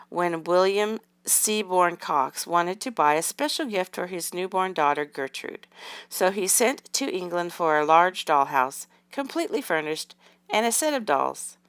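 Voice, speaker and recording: A woman reading aloud, voicing a gentle, calm mother doll telling a story. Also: on the low side, clear, resonant tone, no room sound. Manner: gentle, soothing.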